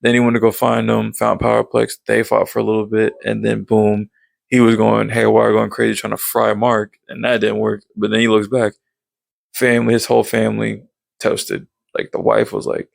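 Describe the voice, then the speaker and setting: A man giving a casual, excited recap of a show, rambling with plenty of fillers and sound-effect words. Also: lowish voice, moderate pace, gravelly, no room sound, rough recording. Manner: rambling, filler-heavy, leans on "basically" and "like".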